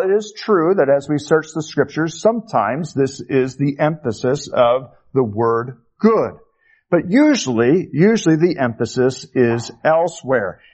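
A male pastor preaching a sermon, slow and emphatic, lifting his voice on key words. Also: medium pitch, a little mellow, highs cut off.

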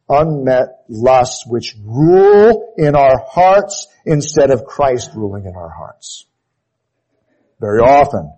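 A man preaching with deliberate, unhurried weight, hammering his points home through repetition. His voice is husky and mellow, and he often sinks to a hushed, heavy close at the end of a phrase. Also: rough recording. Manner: emphatic, repeats key phrases, drops to low intensity on closing words. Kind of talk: sermon.

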